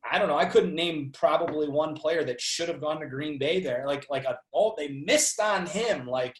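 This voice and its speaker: A man's voice: on the high side, moderate pace, echoey room, slight background noise, poor audio. A man who works as a sports reporter, a guest in a casual chat, talking in an easygoing, rambling way. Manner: easygoing, rambling, laughs often.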